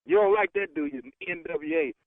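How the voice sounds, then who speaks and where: A man's voice: a little high, fairly even intonation, a little fast. A man on the phone, scoffing and mocking, laughing between his words. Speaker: prank call target. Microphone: phone line. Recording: muffled noisy phone line.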